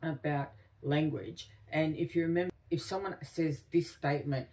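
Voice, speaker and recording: A woman co-hosting a podcast, reflecting slowly and thoughtfully in casual conversation. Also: low voice, fairly even intonation, darkish tone, distant mic. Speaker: podcast co-host.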